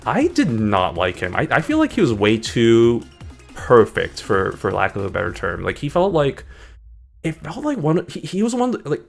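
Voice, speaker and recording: Rambling, gravelly-voiced male streamer. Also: medium pitch, huge pitch swings, moderate pace, soft background music. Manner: rambling, jumps between topics, hyper. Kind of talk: casual gaming stream chat.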